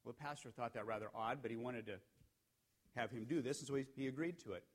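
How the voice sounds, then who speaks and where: A man preaching a sermon, telling a story and building to emphatic peaks before dropping to hushed, quiet lines. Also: mid-range voice, fast. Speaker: pastor.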